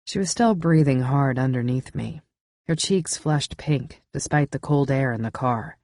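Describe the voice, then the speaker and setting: A woman narrates a first-person thriller audiobook in a low, measured, intimate voice. She is close on a studio mic. The sound is dry, with no room in it. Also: mellow, no room sound.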